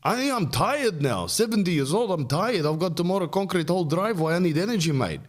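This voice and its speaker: A man's voice: high voice, expressive, fairly quick, voice pushed up. A man voicing a tired seventy-year-old immigrant father who talks in broken English. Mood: weary.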